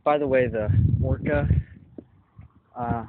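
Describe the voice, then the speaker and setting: A man's voice: mid-range voice, fairly even intonation, slow pace. A young man rambling while walking outdoors, thinking aloud with lots of fillers, recording a vlog on his phone. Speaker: vlogger. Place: outdoors walking along a street. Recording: tinny phone-like audio with noise.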